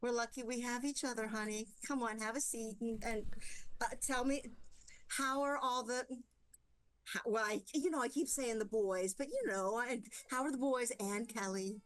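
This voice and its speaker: A woman's voice: on the high side, moderate pace, no room sound, natural voice, low-quality recording. A woman doing a cooing, doting mom in a silk robe. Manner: sugary, cooing, tearful. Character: doting middle-aged mother in silk robe.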